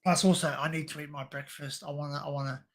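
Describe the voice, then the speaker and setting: Aussie guy hosting a stream, chatty and rambly, um um, voice on the higher side. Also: flat delivery, fast, a bit bright. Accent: Australian. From Australia. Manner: rambling, hesitant, many fillers and restarts. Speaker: livestream host. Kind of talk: casual rambling chat.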